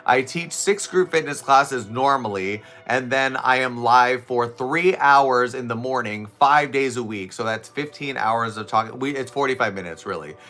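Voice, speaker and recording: A man live streaming and chatting casually to his viewers in an animated way, his voice a little raspy and worn from talking for hours. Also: mid-range voice, moderate pace, hardly any pauses. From Southwest Florida. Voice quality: slightly raspy, scratchy from overuse. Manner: chatty, animated, laughs often, talks to viewers' comments. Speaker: live streamer and fitness instructor. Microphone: streaming setup close to camera.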